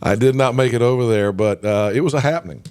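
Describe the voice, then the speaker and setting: A male morning radio host, hoarse from a cold, chatting casually and rambling with many fillers. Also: medium pitch, fast talker, a little mellow, a little hiss or hum. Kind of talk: casual morning show banter.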